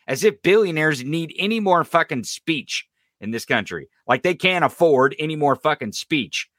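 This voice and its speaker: A male podcast host in full rant mode, his pitch leaping up and down. His tone is bright and edgy, loaded with sarcasm and swearing, and the sound is close and dry with no room around it. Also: moderate pace, no room sound. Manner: animated, profane ranting with laughs and sarcasm. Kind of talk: live-streamed political commentary.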